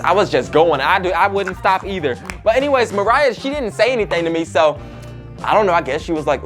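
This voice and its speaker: A young man hosts his own talk show, spilling gossip in a chatty, rambling way packed with fillers. His voice sits at a middling pitch. Soft music plays faintly underneath. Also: lively intonation, fast talker. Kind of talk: casual gossip storytelling.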